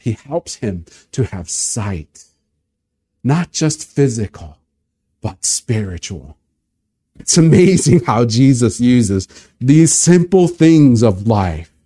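A male pastor telling a story in a sermon, vividly asking listeners to imagine the scene. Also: mid-range voice. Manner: animated, vivid retelling, inviting listeners to imagine.

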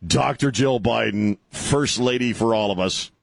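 A man's voice: mid-range voice, measured pace, gravelly, no echo. A man hosting an opinionated political talk show, sarcastic and mocking, rambling with many fillers.

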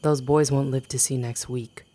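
A man reading as a stern, sharp-tongued mother in a spoken memoir, snapping brief words. It is delivered in an everyday reading voice. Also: medium pitch, fairly even intonation, moderate pace, close to an everyday voice.

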